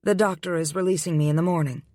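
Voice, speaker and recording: A man's voice: fairly high pitch, fairly even intonation, fast talker, no room sound, pitched above the performer's own voice, natural voice. A male audiobook reader voicing a stubborn, indignant young pregnant woman who talks back sharply. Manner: sharp and defiant.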